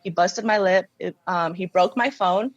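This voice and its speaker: A woman guest telling her personal story in an interview, halting, with many fillers and restarts. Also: on the low side, dry recording, lo-fi sound. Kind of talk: emotional personal testimony.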